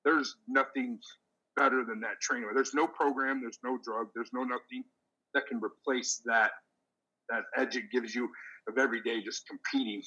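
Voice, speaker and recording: A middle-aged man, a veteran powerlifter hosting a casual chat, telling stories in a profane, animated way. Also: mid-range voice, moderate pace, lo-fi sound. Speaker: podcast host, veteran powerlifter.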